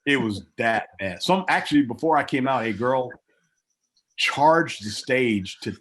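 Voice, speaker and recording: A man's voice: measured pace, a little hiss or hum. A middle-aged former wrestler, a man, telling stories in a casual interview, acting out other people's lines with big jumps in his voice. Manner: animated storyteller, acts out quotes with big pitch jumps. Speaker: guest, former pro wrestler.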